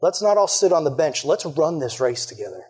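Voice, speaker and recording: A man's voice: on the high side, very animated, fairly quick, darkish tone, breathy edge. A young man preaching a sermon to teenagers, earnest and conversational, with frequent fillers and direct questions to the audience. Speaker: youth pastor.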